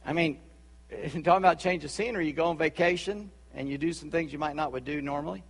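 Southern pastor preaching in a hall. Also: male voice, on the high side, fast, creaky, breathy edge. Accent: Charleston Southern US. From Charleston, South Carolina. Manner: conversational preaching with asides and laughter. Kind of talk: sermon.

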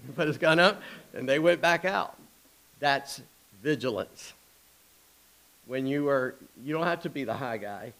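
A middle-aged man preaching a sermon in a folksy, storytelling manner, with quick asides and chuckles. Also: mid-range voice, fairly bright tone, rough recording. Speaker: pastor.

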